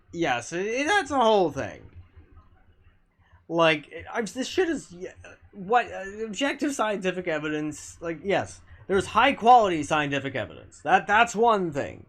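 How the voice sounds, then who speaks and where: A man's voice: high-pitched, a bit bright. A man streaming a game and talking casually with his viewers, arguing bluntly and swearing often, with frequent restarts. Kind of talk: casual live-stream chat reading viewer comments.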